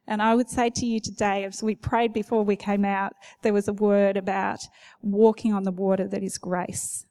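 A woman church leader giving a gentle, encouraging exhortation to a congregation. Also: medium pitch, little pitch movement, moderate pace. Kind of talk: sermon exhortation.

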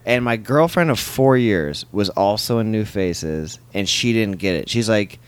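A man's voice: fairly low pitch, expressive, unhurried, clear, resonant tone. A man, a comedian, telling a rambling, profane anecdote in drunken casual chat in a hotel room, acting out the lines of the people in it. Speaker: comedian guest.

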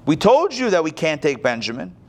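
A man voicing Judah, a grown man pleading earnestly yet forcefully before a ruler. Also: on the high side, wildly swooping pitch, fairly quick.

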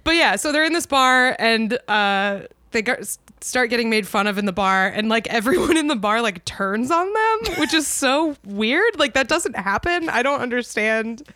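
A woman's voice: on the high side, lively intonation, normal speed, hardly any pauses, pushed and bright, no echo, clean studio sound. A woman co-hosting a podcast, chatting casually with many "like" fillers and frequent laughs. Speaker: podcast co-host. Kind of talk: casual chat.

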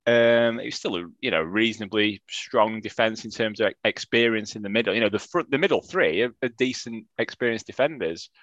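A man's voice: fairly low pitch, a little fast, few pauses, a bit bright, no echo, highs cut off. A man co-hosting a casual football podcast, chatty and self-mocking. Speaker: podcast co-host.

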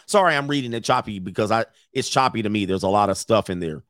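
A man hosting a live commentary, reading messages aloud and reacting to an audience in the room with blunt, profane, animated asides. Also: on the low side, fast, hardly any pauses, dry recording, clean studio sound. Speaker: commentary host.

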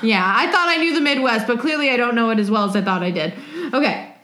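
High-pitched lady podcaster rambling and joking, keeps cutting herself off. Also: lively intonation, quick pace, sharp tone. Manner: rambling, jokey, self-interrupting. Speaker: podcast co-host. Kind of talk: casual chat, reading listener stories.

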